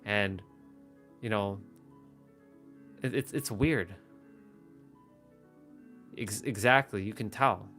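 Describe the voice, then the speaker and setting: Speaking slowly with long pauses, this man has a low, slightly bright voice, and faint music sits behind him. He hosts a live stream, facing a phone or webcam and chatting in a rambling way full of restarts.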